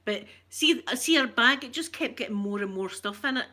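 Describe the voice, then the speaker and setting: A woman's voice: a little high, animated, brisk, pushed and bright. A Scottish woman telling a rambling, emotional story in casual chat and greeting viewers as she goes. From Scotland. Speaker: vlogger talking to viewers.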